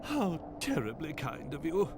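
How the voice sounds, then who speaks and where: A man's voice: fairly high pitch, very animated, measured pace. A man voicing a pompous, cranky old monster king in a game playthrough. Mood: gracious. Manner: indignant, haughty. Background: game music.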